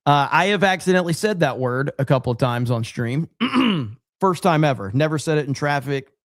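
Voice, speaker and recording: A man's voice: on the high side, expressive, normal speed, no room sound, studio quality. A male livestream host reading super chats aloud in casual chat, swearing freely and laughing often.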